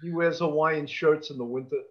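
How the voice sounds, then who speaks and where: High-voiced blunt New man, lo-fi. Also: steady tone, a little fast. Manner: blunt, crude jokes. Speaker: podcast co-host. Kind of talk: casual chat. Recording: dull lo-fi sound.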